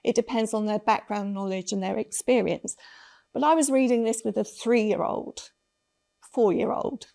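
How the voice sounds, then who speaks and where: A woman's voice: fairly high pitch, moderate pace, creaky, mellow. A woman speaking on a conference panel, telling stories earnestly and reflectively. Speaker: conference speaker on children's literature. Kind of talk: panel talk.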